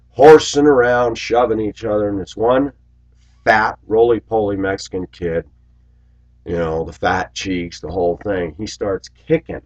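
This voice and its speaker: Deep-voiced guy in his 40s rambling at the camera, muffled lo-fi sound. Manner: rambling storytelling, acts out quotes loudly. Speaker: video blogger. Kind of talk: casual monologue to camera.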